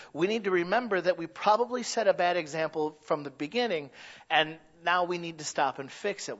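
A man's voice: sits high, fairly bright tone. A middle-aged man preaching a sermon in an earnest, conversational way, often restarting his sentences. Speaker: pastor. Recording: dull lo-fi recording.

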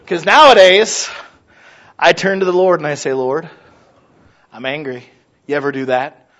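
A pastor preaching a sermon to his congregation, talking conversationally, dropping to hushed asides and rising to loud exhortation, acting out prayers and remembered conversations. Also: high-pitched, animated, moderate pace, dull audio. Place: church service.

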